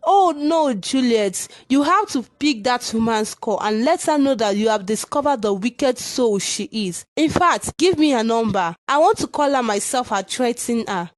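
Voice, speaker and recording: Woman doing a bossy cartoon friend telling her off, higher voice, dry close sound. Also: lively intonation, normal speed, hardly any pauses, no echo, natural voice. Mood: scolding. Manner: scolding, blunt. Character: blunt scolding young woman friend. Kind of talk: cartoon voice acting.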